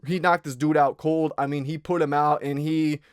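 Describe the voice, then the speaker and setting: Brief: young male fight-pick host, blunt and profane, slightly high voice, dry close sound. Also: steady tone, normal speed, smooth, no room sound. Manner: blunt, profane, rambling with restarts. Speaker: MMA betting analyst host. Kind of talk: casual fight breakdown.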